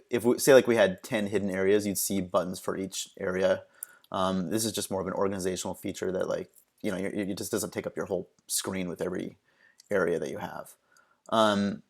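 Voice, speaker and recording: A man presenting a screen-recorded software tutorial, talking casually and haltingly with many ums and restarts. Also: on the low side.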